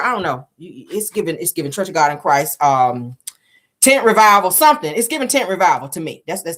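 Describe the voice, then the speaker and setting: A woman hosting a casual commentary show, talking in a sassy, animated way and laughing often. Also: low voice. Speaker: host reviewing a reality show.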